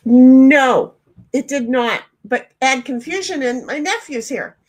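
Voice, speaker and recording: Bubbly high-voiced woman hosting a stream. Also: expressive, slow pace. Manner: bubbly, rambling, laughs often, loud greetings. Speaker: stream host. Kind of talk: casual chat while reading live chat aloud.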